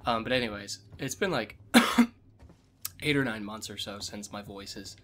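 A man with damaged vocal cords talking quietly and low as he commentates a game he is playing, coughing often. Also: unhurried. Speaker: let's play host. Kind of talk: gameplay commentary. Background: game sounds and music.

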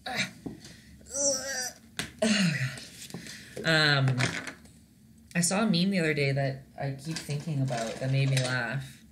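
A woman's voice: sits low, normal speed, music in the background. A young Canadian woman teaching a casual live-stream painting lesson, chatty and giggly, rambling with lots of fillers. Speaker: painting instructor.

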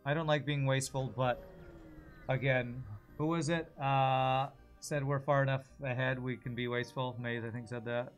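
A man's voice: medium pitch, steady tone, moderate pace, lo-fi sound, soft background music. A man casually commenting on his own gameplay on a live stream, thinking aloud and answering viewers. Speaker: game streamer.

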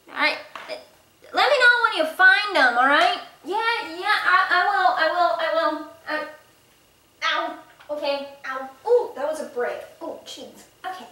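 A woman's voice: extremely high pitch, expressive, a little slow, sharp tone, roomy sound. A woman improvising a toy-horse role-play, playfully switching between character voices and giggling now and then. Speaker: toy horse video creator voicing every character.

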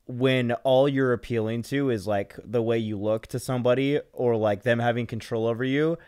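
A man's voice: medium pitch, steady tone, normal speed, a little mellow, smooth, dry recording, studio quality. A man hosting a casual chat, speaking in a loose, supportive way. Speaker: host.

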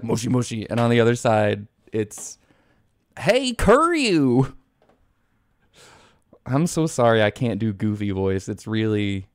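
A man's voice: mid-range voice, a little mellow, clear, resonant tone, no echo, clean studio sound. A man streaming a video game live, rambling casually, swearing often and laughing easily.

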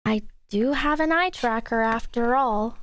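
In a dry recording, a woman with a fairly high voice speaks at a measured pace. She's live streaming from her desk at home, chatting with viewers in reaction, exasperated and swearing freely.

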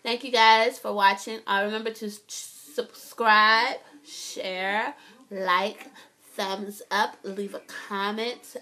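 A young woman vlogging a casual, animated TV recap, swearing a lot and often asking "right?". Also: medium pitch, takes it slowly.

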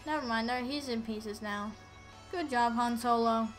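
A woman giving casual let's-play commentary, excitable and playful, yelling at enemies on screen. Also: fairly high pitch, normal speed, faint music behind. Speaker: gameplay commentator.

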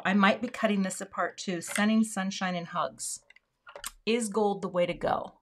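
A woman's voice: mid-range voice, fairly even intonation, measured pace. A woman hosting a card-making livestream in casual chat, thinking aloud and dropping to murmurs while she works.

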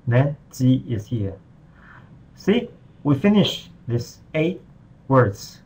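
A man's voice: medium pitch, sing-song, extremely slow, darkish tone, slightly rough, low-quality recording. A man teaching Mandarin in a patient, step-by-step tutorial, walking through the screen in simple, non-native English. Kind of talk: screen-recorded tutorial lesson.

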